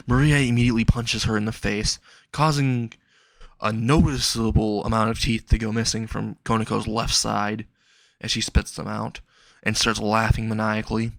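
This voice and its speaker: A man's voice: medium pitch, flat delivery, normal speed, gravelly, a bit bright, no room sound. A man hosting and casually narrating a fan-fiction story, with frequent restarts. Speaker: channel host and narrator.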